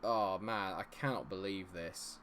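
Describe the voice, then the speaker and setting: A man's voice: low voice, unhurried, fairly bright tone, a little hiss or hum. A young man streaming a football management game, chatting to viewers and swinging between cheering goals and fretting over results. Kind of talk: live stream commentary.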